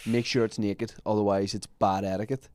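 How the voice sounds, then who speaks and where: A man co-hosting a podcast, telling stories in an animated way during casual chat. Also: on the low side, a little fast, smooth, dry recording. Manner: storytelling, animated retelling. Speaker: podcast co-host.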